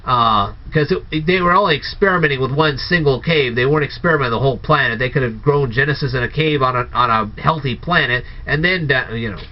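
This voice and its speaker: A man's voice: mid-range voice, brisk, hardly any pauses. A man giving a casual spoken movie review, firing off incredulous, sarcastic rhetorical questions. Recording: dull lo-fi recording.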